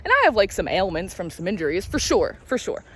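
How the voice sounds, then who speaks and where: Husky and sing-song, her mid-range voice moves fairly quickly. A late-20s tarot reader and spiritual vlogger, she talks while walking in a casual vlog, telling candid, rambling stories, confiding and sometimes swearing.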